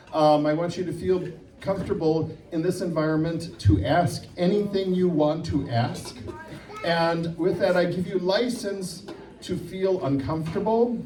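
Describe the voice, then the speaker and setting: A man's voice: on the high side, mellow, a little hiss or hum. A man with a Wisconsin accent leads a church workshop, joking with the group and often checking in with "okay?". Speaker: workshop leader. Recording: echoey room, mic far off.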